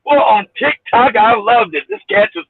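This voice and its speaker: A man calling into a livestream as a guest, talking loudly and brashly with swearing and laughter. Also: extremely high pitch, expressive, normal speed, slightly rough, dry recording. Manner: loud, brash, laughing, profane. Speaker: call-in guest. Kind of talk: casual heated chat. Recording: tinny dry phone line.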